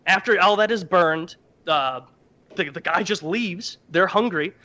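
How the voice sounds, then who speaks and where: A man's voice: high voice, measured pace, sharp tone, lo-fi sound. A man hosting a podcast, retelling an old story as crude comedy and acting out its characters in mocking voices. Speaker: podcast host.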